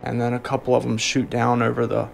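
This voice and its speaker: A man with a gravelly, fry-edged voice of middling pitch gives documentary testimony. He speaks hesitantly, breaking off and restarting his sentences. Soft music plays faintly behind him. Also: completely flat delivery. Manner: halting, hesitant, with frequent restarts. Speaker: interviewee recounting an encounter.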